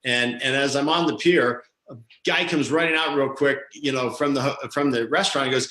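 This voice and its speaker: Male talk show co-host, lively storyteller, bright tone, roomy sound. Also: fairly high pitch, moderate pace. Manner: animated storyteller, acts out quoted voices.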